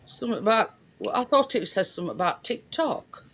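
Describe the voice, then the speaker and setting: A man in casual group chat, speaking haltingly and repeating his words. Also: sits high, lively intonation, a bit bright. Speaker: chat participant.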